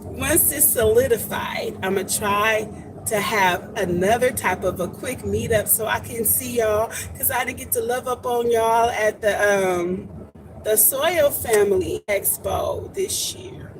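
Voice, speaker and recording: A woman hosting a casual homesteading livestream, chatty and animated, greeting viewers warmly by name. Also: a little high, unhurried, noisy background.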